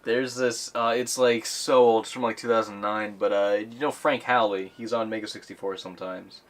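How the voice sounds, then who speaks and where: A man's voice: on the low side, fairly even intonation, normal speed. A man hosting a podcast in casual chat, rambling with many fillers and restarts. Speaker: podcast host.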